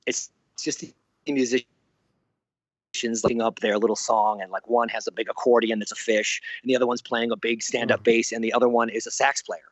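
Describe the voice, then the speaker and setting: A man in his sixties spins an anecdote in a middle-pitched voice, laughing as he goes and acting out the people he quotes. The sound is dry and close, with a dull, lo-fi edge. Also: brisk, dry recording. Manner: animated, laughs often, acts out quoted voices. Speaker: guest animator. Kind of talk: anecdotal storytelling in an interview.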